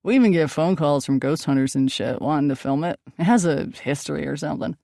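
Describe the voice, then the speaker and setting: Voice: mid-range voice, brisk, creaky, mellow, dry recording, studio quality, lightly acted. An audiobook narrator voicing a wary young man who speaks bluntly.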